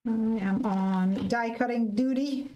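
A woman's voice: on the high side, slow, warm tone, dull audio, slight background noise. A woman co-hosting a live crafting stream, chatting casually and joking as she works. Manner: chatty, jokey, laughs often.

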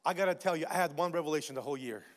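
A man preaching a sermon as pastor, lively and casual, full of asides and repeated phrases. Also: a little high, racing, big-room sound. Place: large church hall.

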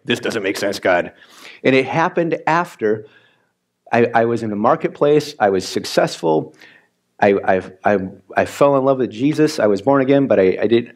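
A man, a pastor from Wisconsin, preaching a chatty, animated sermon in which he acts out his own reactions. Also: on the low side. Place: church sanctuary.

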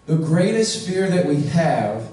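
Heard from a distance in a very echoey church, a male pastor gives a slow, earnest and very animated sermon, stretching out key words and asking his listeners questions directly. His voice is mellow, soft-edged, and sits a little high for a man.

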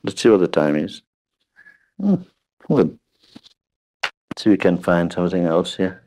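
An older man delivers a spiritual talk to a gathered audience in a very deep, low voice. He speaks slowly and unhurriedly, weaving humorous anecdotes and checking in with listeners through frequent questioning "hmm?" asides. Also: sing-song, dark tone, slight background noise. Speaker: spiritual teacher.

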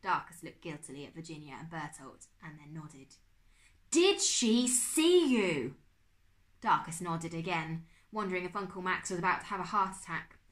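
A woman teacher reading a children's novel aloud to her class in an expressive, animated way. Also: sits low, a little fast.

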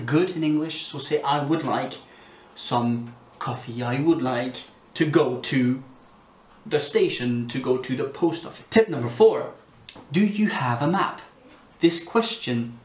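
A man with a Scottish accent, an online English teacher who speaks slowly and clearly and repeats example phrases for learners. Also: medium pitch, roomy sound. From Scotland.

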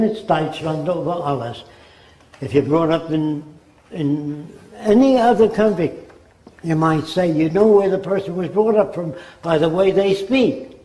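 A man's voice: on the high side, mellow. An older man giving a spoken lecture, emphatic, often dropping into mimicked voices. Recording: roomy echo.

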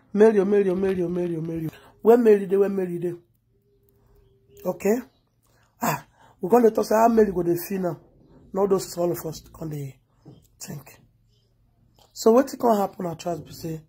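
A woman's voice: lowish voice, mellow, breathy edge. A Nigerian woman blogger giving a heated, scolding commentary, repeating herself as she rants. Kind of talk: ranting commentary vlog.

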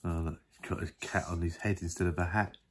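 A man's voice: deep voice, fairly even intonation, fast, a little hiss or hum. An older man chatting playfully about a picture book as it is read aloud, making puns and pointing things out. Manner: chatty, playful, punning remarks. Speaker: great-uncle reading aloud. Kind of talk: casual picture-book commentary.

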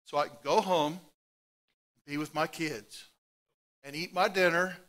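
A middle-aged man preaching a sermon as pastor, telling stories with animated swings from loud outbursts to hushed asides. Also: fairly high pitch, measured pace.

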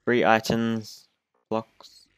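Talking over his own gameplay footage, this young YouTuber jokes, whines, and pokes fun at himself in casual commentary. The delivery is completely flat and extremely slow at a fairly low pitch, with a clean tone and no echo.

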